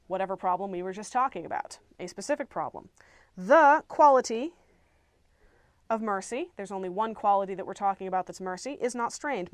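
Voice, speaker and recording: A woman teaches an English grammar lesson, walking through examples clearly and patiently. She slips in playful asides, and her pitch sits at an ordinary middle level. The recording is dry and close, with no room sound. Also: no echo.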